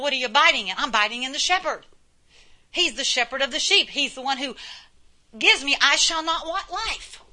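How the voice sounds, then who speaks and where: A woman's voice: high voice, sharp tone. A middle-aged woman preaching a sermon in a folksy way, full of rhetorical questions and repetition.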